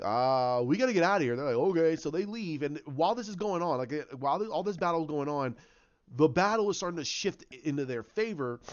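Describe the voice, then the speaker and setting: A man casually retelling his own story idea, rambling with many restarts and acting out the quotes in a lower voice. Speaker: fan commentator. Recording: dull lo-fi sound.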